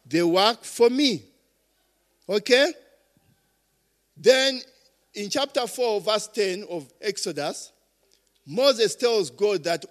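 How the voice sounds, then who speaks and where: Male preacher, high voice, slow deliberate delivery, call-and-response, reverberant hall. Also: lively intonation. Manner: call-and-response questions, swinging loud to soft. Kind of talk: sermon.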